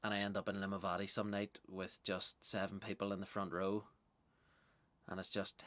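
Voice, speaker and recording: A man's voice: deep voice, monotone, normal speed, a bit bright, dry recording, studio quality. A man from Northern Ireland with a Northern Irish accent, a stand-up comedian hosting a podcast in a loose, self-mocking ramble with swearing.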